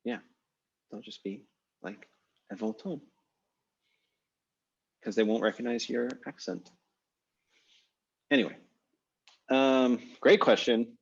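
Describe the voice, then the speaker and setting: A man's voice: medium pitch, unhurried, pauses often, breathy edge, recorded from a distance. A man teaching an online language class with an American accent, talking in a chatty, rambling way with many fillers. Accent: American English. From United States. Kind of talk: casual online class discussion. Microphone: video call. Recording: muffled video call audio.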